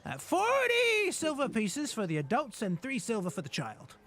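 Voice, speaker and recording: A man's voice: very high-pitched, wildly swooping pitch, fairly bright tone, pitched above the performer's own voice, full character voice. A man voicing a half-blind, fussy elderly goblin ticket seller who halts and stammers through his words. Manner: halting, flustered, many ums.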